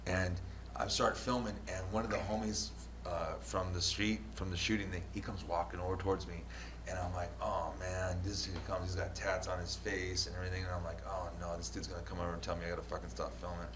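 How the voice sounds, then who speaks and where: A man, hosting a casual talk show and telling a rough street story full of swearing. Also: low voice, little pitch movement, a little fast. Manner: profane, storytelling, laughs often. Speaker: show host and news videographer. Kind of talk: casual podcast chat. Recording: echoey room with faint noise.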